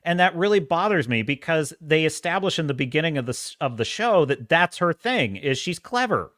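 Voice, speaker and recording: Male podcast host, lively and emphatic delivery, dry close sound. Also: a little high, fairly quick, dry recording. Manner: animated and emphatic, with frequent restarts and profanity. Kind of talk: casual pop-culture commentary.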